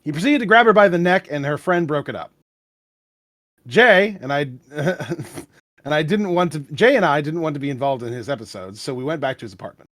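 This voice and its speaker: A man reading a story aloud on a podcast, lively and stumbling over the text. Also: a little high, normal speed, no echo, studio quality.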